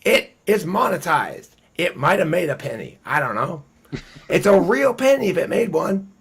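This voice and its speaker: A man hosting a casual group discussion, talking bluntly and profanely in an animated, ranting way. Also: sits high, moderate pace, gravelly. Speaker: host.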